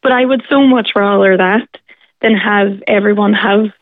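A woman's voice: medium pitch, steady tone, moderate pace, no echo. A woman from Derry with a Northern Irish accent, calling in to a radio show and speaking forthrightly and earnestly. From Derry, Northern Ireland. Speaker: caller. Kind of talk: radio phone-in chat. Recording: tinny phone line.

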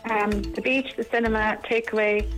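A woman's voice: a little high, level tone, moderate pace, music in the background, low-quality recording. A woman calling into a radio quiz, easygoing and a little hesitant, filling gaps with ums. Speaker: caller. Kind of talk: on-air phone-in quiz.

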